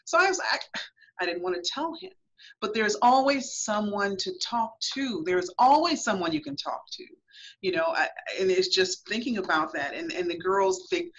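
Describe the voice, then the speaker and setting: Heard in lo-fi radio quality, a woman author guesting on a talk show speaks in a mid-range, expressive, slightly bright voice at a moderate pace. Earnest and emphatic, she narrates her own experience and replays what she was thinking back then.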